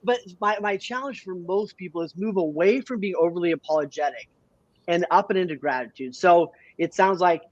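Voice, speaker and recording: A man's voice: high voice, a little fast, no room sound, muffled recording. A man from Canada, a business coach, talking energetically in an interview and often tagging his points with "right?". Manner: energetic, many restarts and rhetorical "right?". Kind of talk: casual interview talk.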